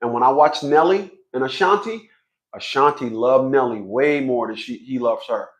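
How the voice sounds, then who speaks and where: A man's voice: medium pitch, moderate pace. A man in his fifties giving a blunt, profane vlog monologue, stammering through repeated restarts. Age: 50s. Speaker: fathers' rights commentator.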